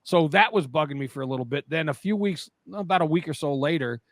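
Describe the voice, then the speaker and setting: A middle-aged man from New Jersey with a fairly high voice, chatting casually on the radio. He tells long rambling stories, breaking off and restarting, recorded close and dry. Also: quick pace, fairly bright tone, dry recording. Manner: rambling storyteller, self-interrupting.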